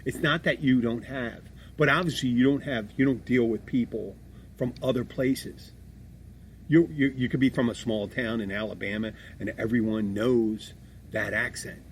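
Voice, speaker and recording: A middle-aged man talks in a loose, rambling way, animated and quick to swear. His voice sits mid-range for a man. A faint hiss runs under the recording. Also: mid-range voice. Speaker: podcast co-host. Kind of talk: casual chat.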